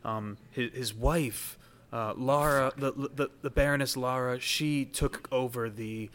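A man's voice: mid-range voice, steady tone, unhurried, a bit bright. A man narrating as dungeon master in a loose, casual way with many fillers. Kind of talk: narrating a tabletop game.

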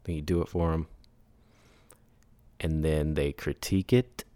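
A man hosting a solo podcast, telling business stories in a casual, animated way, acting out others in high put-on voices and laughing between lines. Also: unhurried, dry recording. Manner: laughs and sighs often. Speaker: podcast host.

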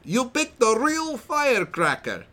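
Man doing an over-the-top accented foreign guy, high and hammy, slow drawl, lively sing-song. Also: heavily acted. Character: comically exaggerated heavy-accented foreign man, pompous.

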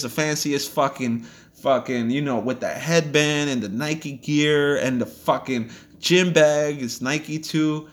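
A man hosting a podcast, delivering a blunt, profane and heated motivational rant. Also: on the high side. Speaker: podcast host. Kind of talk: ranting motivational monologue.

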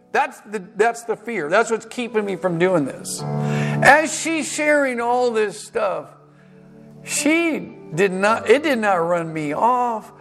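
A male pastor preaching a sermon, telling a self-deprecating story with halting restarts and acted-out dialogue. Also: high voice, very animated, a bit bright, soft background music. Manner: halting restarts and repeated words.

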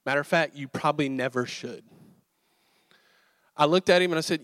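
A man preaching a sermon, telling stories in a casual, animated, conversational way. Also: on the high side, brisk, long pauses, no echo, clean studio sound. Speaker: pastor.

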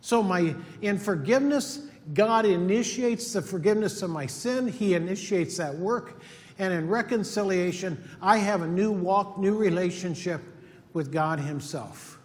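A man's voice: high-pitched, a little slow. A middle-aged male pastor preaching a sermon in an earnest, emphatic way, repeating his key points. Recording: long hall reverb.

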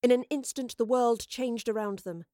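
Woman reading an audiobook, measured and expressive, dry close sound. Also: a little high, dry recording. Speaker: narrator. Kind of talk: audiobook narration.

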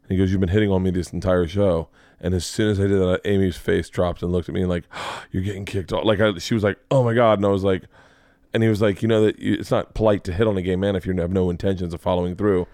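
A man in his forties with a fairly low voice tells a long, rambling story in a casual podcast chat. He acts out everyone's lines as he goes, and his voice is recorded dry and close with no room sound. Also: quick pace, no echo. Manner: animated, rambling, acts out quotes. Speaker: podcast host.

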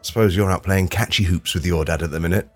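A man hosting a podcast, delivering a dry, self-mocking comic monologue with sudden loud outbursts. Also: low voice, steady tone, fast talker. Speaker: podcast host. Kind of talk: comedic monologue.

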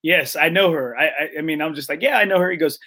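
A man's voice: fairly high pitch, quick pace, pushed and bright. A man hosting a casual chat, telling a story with many fillers, acting out the quoted lines and often checking in with "right?". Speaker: podcast host.

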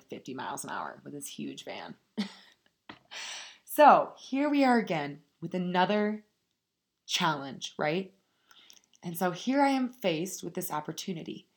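A young woman vlogging casually to her viewers, telling a story with candid swearing and frequent laughter before turning it into motivational advice. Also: lowish voice. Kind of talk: casual motivational talk to camera.

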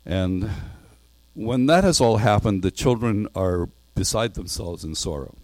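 Preacher, male, low mellow voice, earnest sermon delivery, dry close sound. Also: animated, a little slow, dry recording. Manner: earnest, reads a storybook passage aloud with voiced parts.

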